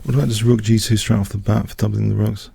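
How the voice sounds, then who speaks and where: A man's voice: lowish voice, little pitch movement, quick pace, vocal fry, mellow, breathy edge, no echo. A man streaming live blitz chess, thinking aloud and muttering moves in short clipped phrases.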